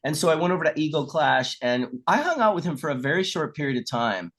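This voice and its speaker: Here the middle-aged male guest sounds a little high and talks fast. Chatting casually, he tells lively stories, voices the characters in them, and swears offhandedly from time to time.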